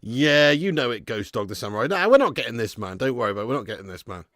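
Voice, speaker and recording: The recording is dry and studio quality, capturing a man's animated, fairly bright, medium-pitched voice at a quick pace. He's chatting casually on a live football watch-along stream, laughing, swearing freely, and voicing viewers' messages aloud.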